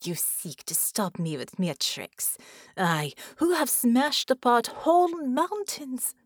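A woman voicing a towering, savage alien female warlord who growls low menacing threats. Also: big pitch swings, slow pace, no echo, clean studio sound, heavily acted.

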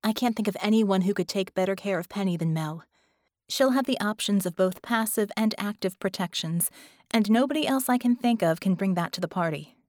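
A woman's voice: medium pitch, a little fast, no room sound, studio quality, close to an everyday voice. A woman reading the part of a blunt female team leader in an audiobook, talking in an urgent, persuasive way.

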